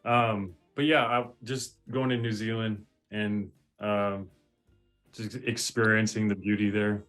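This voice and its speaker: Hesitant young American man, halting answers. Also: fairly low pitch, little pitch movement, fairly bright tone, faint music behind. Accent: Californian. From United States. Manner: hesitant, halting, many ums and restarts. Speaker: guest, model. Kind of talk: casual interview over a call.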